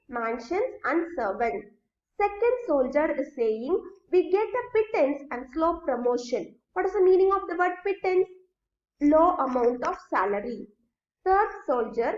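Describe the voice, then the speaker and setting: A woman teacher giving a recorded grammar lesson. She goes slowly, step by step, and often checks that students follow. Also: sits high. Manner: slow, explains step by step, checks understanding. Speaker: school English teacher. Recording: echoey room, dull lo-fi sound.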